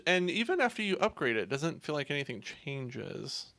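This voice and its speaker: A man's voice: fairly high pitch, big pitch swings, moderate pace, bright, forceful tone. A man co-hosting a casual podcast, talking through a game with chatty fillers. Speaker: podcast co-host.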